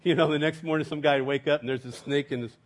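A middle-aged male pastor preaching a sermon, moving between soaring emphatic proclamation and hushed, chuckling storytelling. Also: fairly high pitch, steady tone, quick pace, very noisy.

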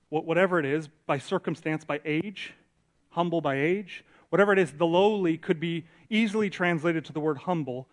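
A pastor in his thirties gives a conversational sermon in a church, his voice sitting a little above the usual male pitch. He talks with his hands in his words, drops low for reflective points and climbs high and loud when he acts out what others say. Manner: conversational, animated preaching, acts out quotes. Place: church sanctuary.

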